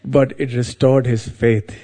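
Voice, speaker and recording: A man's voice: medium pitch, little pitch movement, measured pace, dark tone. A man giving a devotional talk, telling a story in a meandering, anecdotal way with frequent asides.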